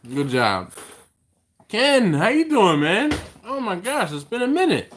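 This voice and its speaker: A man's voice: high voice, wildly swooping pitch, unhurried, background noise. A man with an American accent hosting a casual live stream from a home kitchen, teasing his co-host and reading viewer comments aloud.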